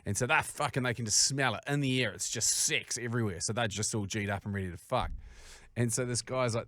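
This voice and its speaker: A man with a New Zealand accent, co-hosting a podcast and telling sweary, animated stories in casual chat. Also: mid-range voice, fairly quick, dry recording, clean studio sound. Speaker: podcast co-host.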